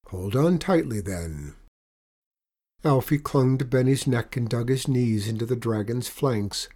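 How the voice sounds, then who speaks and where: Male storyteller, mellow tone, lively read-aloud of a children's adventure. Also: mid-range voice. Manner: expressive, animated story reading.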